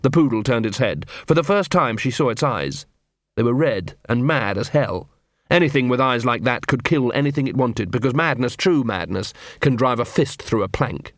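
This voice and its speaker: A male narrator delivers a scripted audiobook reading, steady and measured, at a medium pitch. No room sound is audible in the clean studio recording.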